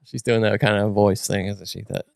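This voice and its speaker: A man's voice: fairly low pitch, fairly even intonation, fairly quick, vocal fry, clear, resonant tone, dry recording, studio quality. A man co-hosting a podcast in a laid-back, teasing casual chat. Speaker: podcast co-host.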